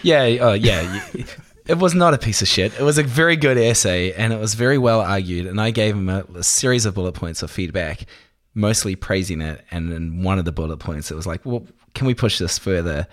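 A man, a guest in an interview, telling stories in a relaxed, conversational way. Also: lowish voice, a little fast. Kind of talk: relaxed storytelling.

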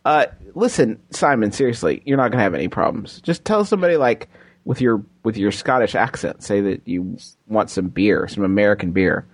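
A man's voice: on the low side, lively intonation, a little fast, slightly rough, no room sound. A man co-hosting a comedic podcast, joking and laughing often while reading and answering listener questions. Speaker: podcast co-host. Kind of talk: comedic casual chat.

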